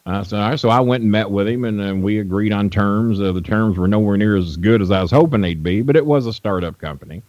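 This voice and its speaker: An older man with a low voice tells rambling, blunt stories on a radio show. His speech is full of fillers and restarts. The dry, dull lo-fi audio sounds like an old broadcast. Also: quick pace, few pauses, a little mellow, dry recording. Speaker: guest wrestling manager. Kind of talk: storytelling in a radio interview.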